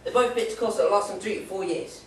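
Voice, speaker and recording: A man's voice: high voice, fast, a little hiss or hum. A young man performing a rambling stand-up set in a pub, joking and slipping into playful put-on voices. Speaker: stand-up comedian. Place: pub stage. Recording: echoey pub from far off.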